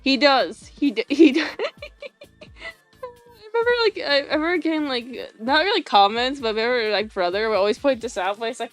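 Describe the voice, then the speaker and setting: A woman's voice: fairly high pitch, lively intonation, fairly quick. A young woman chatting casually on a livestream while she draws, rambling with lots of fillers, restarts and giggles. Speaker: animation streamer. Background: faint music.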